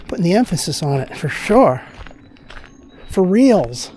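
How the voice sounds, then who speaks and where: Mellow-voiced man chatting on a walk. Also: high voice, sing-song, a little slow, slight background noise. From Pennsylvania. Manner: chatty, rambling, opinionated. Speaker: vlogger. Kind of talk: casual walking-vlog monologue. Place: outdoors on a walking trail.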